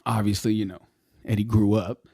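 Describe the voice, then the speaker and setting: A man's voice: lowish voice, level tone, brisk, mellow. A young man co-hosting a podcast, telling childhood stories in casual, profane chat and laughing often. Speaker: podcast co-host.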